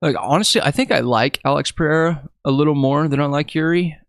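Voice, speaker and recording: A man co-hosting a casual podcast, telling stories and acting out quotes with lively energy. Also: a little high, fairly quick, no echo, clean studio sound. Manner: animated storyteller, acts out quotes. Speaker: podcast co-host. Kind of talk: casual chat watching fights.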